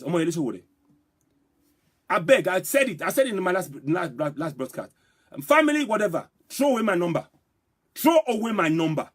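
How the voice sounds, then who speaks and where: A man's voice: high voice, a bit bright. A man with a Nigerian accent giving impassioned, repetitive live political commentary, daring his viewers to answer him. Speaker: political vlogger.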